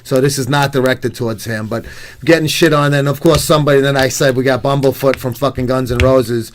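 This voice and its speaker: A man's voice: mid-range voice, steady tone, brisk. Brash, profane man cohosting a stream. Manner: brash and profane, emphatic hype. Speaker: co-host. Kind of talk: casual live-stream chat.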